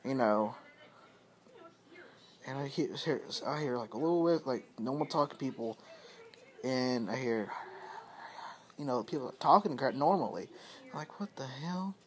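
A man talks into his phone camera at home and tells a story in a loose, unscripted way. He rambles, swears freely and circles back over the same points. His voice sits at an ordinary middle pitch. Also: unhurried, long pauses. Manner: rambling, profane, repetitive. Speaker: vlogger. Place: at home, indoors.

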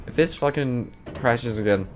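A man's voice: medium pitch, a little slow, faint music behind. A man doing let's play commentary in a sarcastic, jokey way, scolding the game character and swearing in sudden outbursts. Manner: swears and exclaims in bursts. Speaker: gaming video creator.

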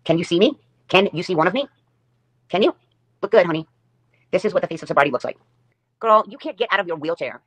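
Fast-talking woman ranting on a livestream. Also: lowish voice, animated, husky. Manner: sarcastic and taunting, repeats phrases. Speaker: livestream host. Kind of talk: livestream rant.

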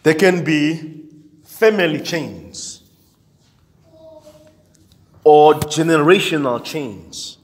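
A man's voice: fairly high pitch, lively intonation, very slow, long pauses. A male pastor preaching a sermon with emphasis, repetition and frequent amens, in a church. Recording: long church hall reverb.

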